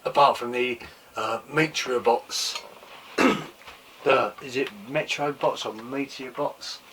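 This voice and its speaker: An excitable man hosting a casual toy collecting show, with a voice that is wearing thin and going slightly hoarse. He gushes and repeats his exclamations, swearing now and then. He sits a little back from the microphone, with faint room noise behind him. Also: mid-range voice, a little slow, recorded from a distance. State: losing his voice. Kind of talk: casual show-and-tell chat.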